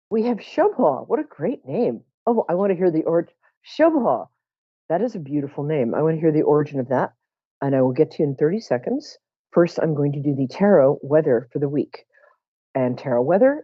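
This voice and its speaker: A middle-aged woman hosts a live psychic call-in show, wry and self-mocking as she chats. Her voice sits low yet swings widely as she jokes. The sound is dry and a little dull. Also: dry recording. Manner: self-mocking, joking, chatty.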